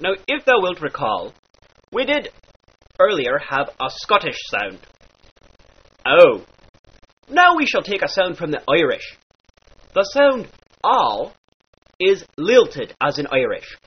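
A man leads a voice lesson with a lively, bouncing delivery, his voice sitting a bit high and carrying a breathy edge. He plays with old-fashioned wording as he names each vowel. The recording is dull and lo-fi. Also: unhurried, pauses often. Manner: playful mock-archaic phrasing, spelling out sounds. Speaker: accent teacher. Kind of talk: instructional voice lesson.

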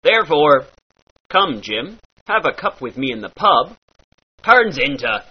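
A man's voice: a little high, very animated, a little slow, husky. A man giving a playful lesson in pirate speech, using mock-archaic phrasing and demonstrating each sound. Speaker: accent teacher. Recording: dull lo-fi recording.

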